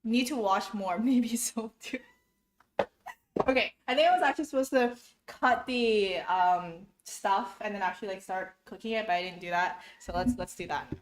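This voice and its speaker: She speaks at medium pitch and a moderate pace. The young woman is filming a relaxed cooking vlog in her home kitchen for viewers, chatting, giggling and getting slightly flustered as she talks through every step, with echo and faint noise around her.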